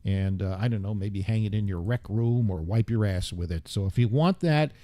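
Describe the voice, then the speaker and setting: Host: a man with a mellow, dark tone, meandering and joking at his own expense, in a dry, close-sounding recording. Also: lowish voice, normal speed, no room sound. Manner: wry, self-deprecating, meandering asides. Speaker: radio show host. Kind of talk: casual rambling monologue.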